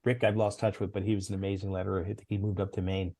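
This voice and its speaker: A middle-aged man who used to be a comics editor tells stories in an interview, animated and acting out the quoted dialogue. His voice sits low and comes rapid-fire, with no room sound.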